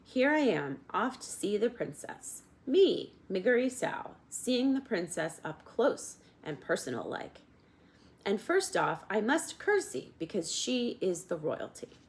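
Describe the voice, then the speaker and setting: A woman voicing a half-deaf rough twelve-year-old servant girl with loud, coarse country talk. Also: mid-range voice, big pitch swings, a little slow, voice pushed up. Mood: blunt, loud.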